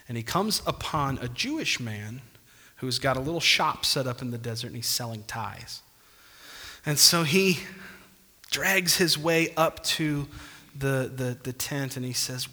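Pastor guy preaching hard, bright forceful voice, big echoey church. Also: mid-range voice. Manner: emphatic preaching with calls of amen. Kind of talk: sermon. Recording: long church reverb.

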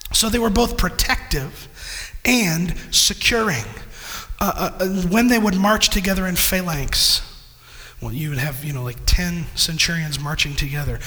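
High, bright-voiced male preacher. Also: big-room sound. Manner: preaching with swells into shouting. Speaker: pastor. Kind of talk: sermon.

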